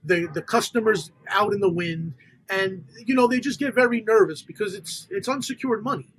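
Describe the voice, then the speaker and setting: High-voiced New man telling deals. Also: normal speed, a little hiss or hum, poor audio. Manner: animated storyteller quoting others in dialogue. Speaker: podcast guest, funder. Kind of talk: casual storytelling interview.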